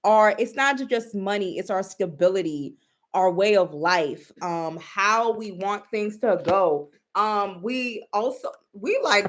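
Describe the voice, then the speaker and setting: A woman talking straight to her audience in an unhurried, drawn-out way. Her pitch sits in a middle range. She speaks bluntly and profanely, and she rambles and restarts her sentences as she goes. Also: lively intonation. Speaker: commentator. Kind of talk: casual commentary.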